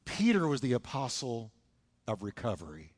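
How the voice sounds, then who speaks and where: A man's voice: mid-range voice, wildly swooping pitch, normal speed. A man preaching a sermon in a church, dramatic and emphatic, retelling scripture stories. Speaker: pastor. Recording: long church hall reverb.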